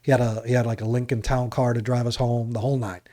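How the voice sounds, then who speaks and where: A man's voice: mid-range voice, level tone, fast, mellow. A man from New Jersey, co-hosting a podcast and telling a long, rambling story in casual chat. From New Jersey, USA. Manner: rambling storyteller, acts out other people's lines. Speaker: podcast co-host.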